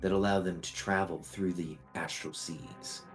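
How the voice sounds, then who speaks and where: Low-voiced man running a tabletop game. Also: soft background music. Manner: relaxed, halting narration with many fillers. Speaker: game master.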